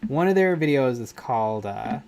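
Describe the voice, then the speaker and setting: A young man hosts a live stream while painting miniatures, chatting casually, rambling, correcting himself, and laughing often. He has a medium-pitched, darkish voice with vocal fry and lively intonation at normal speed, and there's a little hiss or hum.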